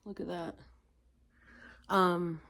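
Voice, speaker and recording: A woman's voice: on the low side, little pitch movement, creaky, fairly bright tone. Weary young woman vlogging to her phone. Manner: emotional, rambling, fast when telling a story. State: tired and weepy. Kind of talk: casual vlog.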